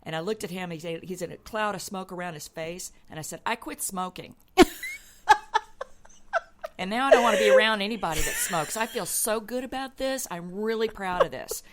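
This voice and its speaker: A woman in her sixties, a radio show guest telling animated stories about her career and acting out the people she quotes. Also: medium pitch, quick pace, hardly any pauses, a little hiss or hum. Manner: animated storyteller, acts out quoted voices, laughs easily. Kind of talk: casual storytelling interview.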